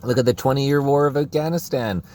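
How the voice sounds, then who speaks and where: A man's voice: medium pitch, a little fast, darkish tone. A man from Canada, hosting casual political commentary in a sarcastic, rambling way with frequent laughs. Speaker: commentary video host.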